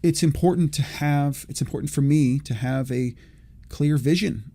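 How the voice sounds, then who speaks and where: Mellow rambling male podcaster. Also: a little high, normal speed. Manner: rambling, self-correcting, thinking aloud. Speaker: podcast host. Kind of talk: reflective solo podcast talk.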